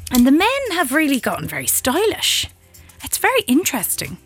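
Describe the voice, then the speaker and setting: Irish woman host, bouncy animated delivery, chatty and laughing, faint music underneath. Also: sits high, fairly quick, no room sound. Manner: chatty, laughs often, lively. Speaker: radio host. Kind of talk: casual on-air chat and traffic report.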